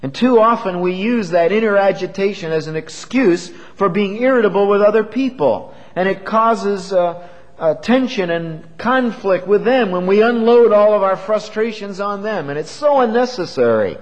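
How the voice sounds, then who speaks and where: A man preaching a sermon in an earnest, measured way, asking his listeners questions. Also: sits high, lively intonation. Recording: long hall reverb.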